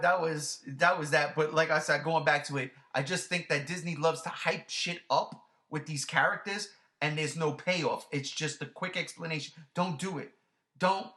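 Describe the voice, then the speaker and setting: A man's voice: fairly high pitch, fairly even intonation, normal speed, pushed and bright. A man reviewing a movie in casual chat, ranting animatedly and swearing freely.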